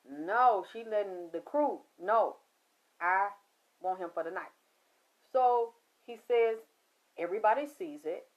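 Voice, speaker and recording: Animated woman retelling a story. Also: fairly high pitch. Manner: animated, retelling a man's words with emphatic quotes. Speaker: host. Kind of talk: storytelling monologue. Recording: dull lo-fi sound.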